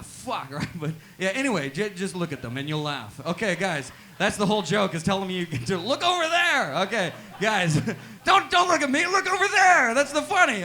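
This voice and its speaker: Against slight background noise, a high-pitched man performs stand-up comedy at a small live venue. He delivers deadpan one-liners and caps nearly each one with "right?".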